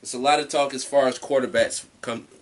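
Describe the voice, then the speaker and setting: A man co-hosting a podcast in blunt, excitable casual chat, swearing freely. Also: medium pitch, brisk. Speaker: podcast co-host.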